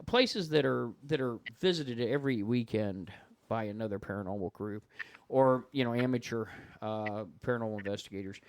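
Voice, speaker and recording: Man, guest investigator, lively storyteller, acts out quotes, mid-pitched voice, dry close sound. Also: moderate pace, no echo. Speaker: guest paranormal investigator and author. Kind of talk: casual storytelling chat.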